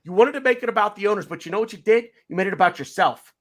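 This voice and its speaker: An American podcast host, worked up and swearing, talks in a high, animated, fairly bright voice at a racing pace. In this heated rant he keeps repeating phrases and talking over the others.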